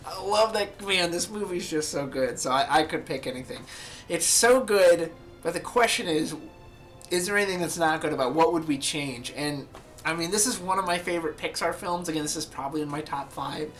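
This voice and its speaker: Excitable man gushing about a film. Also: a little high, fairly quick, soft background music. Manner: enthusiastic, quotes film lines in little voices. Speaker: podcast host. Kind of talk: casual film discussion.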